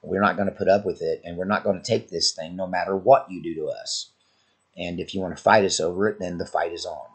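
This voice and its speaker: Low-voiced man, husky and sore-throated, earnest warning monologue, channel host. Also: fairly even intonation, a little fast. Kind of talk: commentary monologue. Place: Oklahoma, US.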